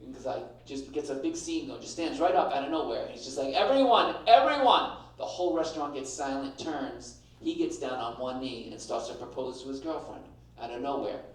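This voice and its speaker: A man's voice: medium pitch, brisk, hardly any pauses, darkish tone, far from the mic. Brash stand-up comic man, echoey room. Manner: brash, punchy delivery, acts out voices. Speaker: stand-up comedian. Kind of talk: stand-up comedy set. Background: audience laughter.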